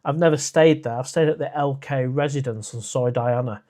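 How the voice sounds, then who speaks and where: This is a man, sitting in on his own casual live stream and answering viewer comments. His voice sits at an everyday middle pitch. He talks in a loose, rambling way, stopping often to restart a thought or fill a gap with "uh.". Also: normal speed, warm tone. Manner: chatty and rambling, with frequent "uh" and restarts.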